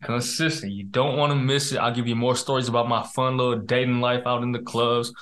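A man's voice: mid-range voice, steady tone, fairly quick, a bit bright. A young man co-hosting a podcast in casual chat, slangy and profane, laughing often. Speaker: podcast co-host.

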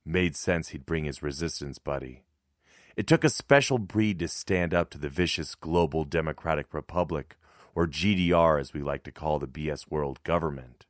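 A man narrating a first-person audiobook in a tense, measured way. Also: very deep voice, no echo, clean studio sound.

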